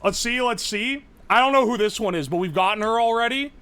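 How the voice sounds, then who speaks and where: A young man from the United States chatting casually on a live stream, rambling, excitable and swearing freely. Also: very high voice, a little fast, clear, resonant tone.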